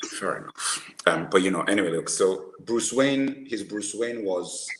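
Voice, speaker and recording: A man with a lowish voice talks casually about films, animated and quick to laugh at his own jokes. He often restarts his sentences mid-thought. The room around him is roomy and echoey. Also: a little hiss or hum. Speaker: podcast co-host. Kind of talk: casual movie discussion.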